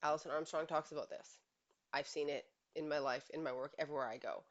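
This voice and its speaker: A woman's voice: deep voice, fairly even intonation, fast, lo-fi sound. A woman relationship coach giving earnest, emphatic advice straight to camera, often asking rhetorical questions. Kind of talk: direct-to-camera advice monologue.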